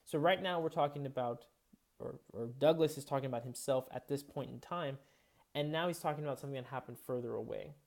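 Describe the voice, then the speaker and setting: A man's voice: mid-range voice, quick pace, gravelly. A man giving a recorded college English lecture, explaining patiently and thinking aloud with frequent fillers and restarts.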